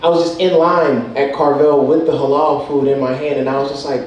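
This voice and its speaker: A man's voice: a little high, fairly even intonation, a little fast, darkish tone, lo-fi sound, slight background noise. A man with a New Jersey accent doing a stand-up set, laid-back, chuckling between lines. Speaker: stand-up comic. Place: comedy club with audience. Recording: echoey club recorded from far off.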